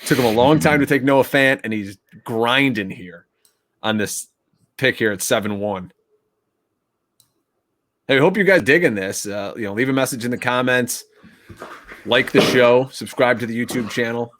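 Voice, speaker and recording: A man with a mid-pitched voice co-hosting a casual podcast. He talks in an easy, conversational way and often asks questions. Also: normal speed, pauses often, a bit bright. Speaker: podcast co-host. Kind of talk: casual fantasy football chat.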